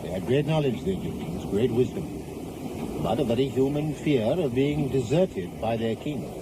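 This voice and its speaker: Man as a grave Victorian occult doctor, measured and ominous, expressive pitch, loud noise behind. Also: lightly acted. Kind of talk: radio drama acting.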